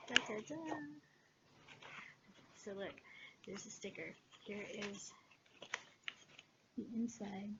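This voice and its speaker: A woman chatting casually in a haul video, gushing with excitement and filling pauses with "um". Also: medium pitch. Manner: excitable, gushing, many fillers. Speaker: cross-stitch vlogger. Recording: dull lo-fi sound with background noise.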